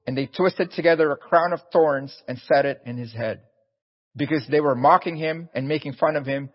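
A man's voice: fairly high pitch, normal speed, husky, big-room sound, lo-fi sound. A man preaching a sermon in an earnest, pleading way, often repeating his words.

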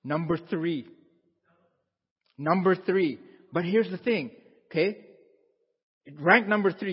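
Husky-voiced pastor in a reverberant hall. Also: male voice, fairly high pitch. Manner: chatty, repeats himself, asks the congregation questions. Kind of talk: conversational sermon. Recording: dull sound with long hall reverb.

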